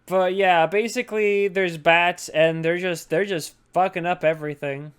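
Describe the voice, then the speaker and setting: Male podcast co-host, smooth clear voice a bit high, profane and animated. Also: normal speed. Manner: profane, animated, acts out characters in mocking voices. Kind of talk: casual movie chat.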